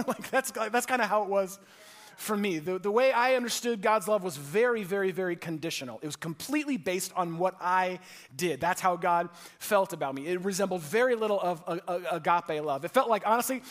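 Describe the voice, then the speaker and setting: Male pastor, middle-aged, tenor-high voice, lively sermon with call-and-response. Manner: animated call-and-response, emphatic repetition. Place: church hall with congregation.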